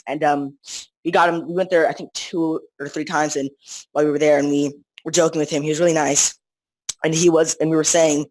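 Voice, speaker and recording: A teenager talks in a loose, rambling way, circling back with constant restarts and fillers. The pitch sits in the middle range. The recording is dry and close, with no room sound. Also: no echo, low-quality recording. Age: teens. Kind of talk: casual chat.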